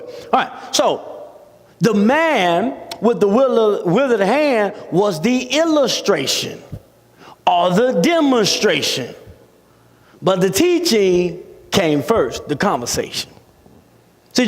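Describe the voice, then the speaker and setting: A man preaching a sermon in a dramatic style, with his voice rising to shouts at the peaks. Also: high-pitched. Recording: long reverb of a large hall.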